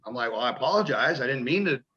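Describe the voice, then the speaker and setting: A man's voice: mid-range voice, lively intonation, rapid-fire, bright, forceful tone, lo-fi sound. A man, a pro wrestler, telling rambling, profane stories in a casual interview and acting out the voices of people he quotes.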